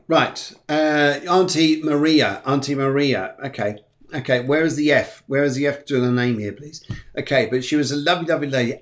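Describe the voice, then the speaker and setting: A man hosting a live stream of psychic readings, talking in a loose, rambling way. He repeats himself often and keeps a reassuring tone. His voice sits at an ordinary middle pitch. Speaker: psychic medium.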